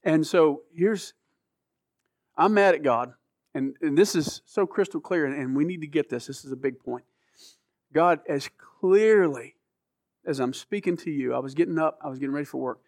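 A man's voice: a little high, moderate pace, a little mellow, no room sound. Earnest middle-aged man, dry close sound. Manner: earnest, emotional, stumbling restarts. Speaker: guest telling his story. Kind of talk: personal testimony.

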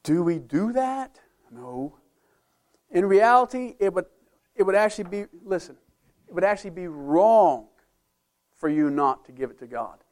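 A man's voice: sits high, animated, unhurried, long pauses. A man preaching a sermon as pastor, emphatic, with conversational asides to the congregation. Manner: emphatic preaching, rising and falling loudness.

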